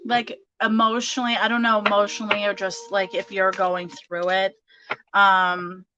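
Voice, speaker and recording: A woman's voice: mid-range voice, flat delivery, moderate pace, pushed and bright, lo-fi sound, slight background noise. A woman giving a casual tarot reading, chatty and full of fillers, laughing often. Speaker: tarot reader.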